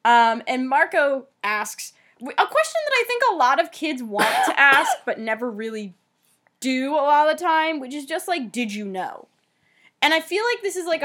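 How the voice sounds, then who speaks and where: A woman's voice: sits high, fairly bright tone. A young woman casually chatting as a podcast co-host, reflective and talkative, filling her sentences with "like". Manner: chatty and reflective, heavy use of "like". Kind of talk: casual chat.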